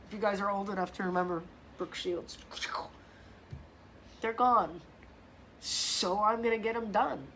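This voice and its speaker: A middle-aged woman, a fitness coach, chatting casually on a live stream in a blunt, profane and animated way, with lots of restarts. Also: medium pitch, unhurried, pauses often, a little hiss or hum.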